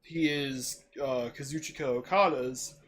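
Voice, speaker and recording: A young man with a mid-pitched voice, talking things over casually on a podcast. His delivery is steady and knowledgeable, with a faint hiss behind him. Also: measured pace. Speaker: podcast co-host. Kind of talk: casual chat.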